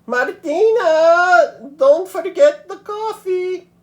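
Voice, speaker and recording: A man voicing an elderly Cuban grandmother, high and fussy, in a storybook read-aloud. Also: huge pitch swings, slow, vocal fry, dull audio, exaggerated voice. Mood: calling. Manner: high, fluttery, insistent.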